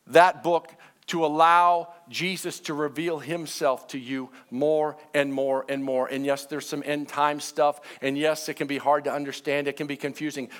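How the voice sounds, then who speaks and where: A man preaching a sermon to his church, mixing joking asides with slow, emphatic preaching. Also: on the high side, a bit bright. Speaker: pastor.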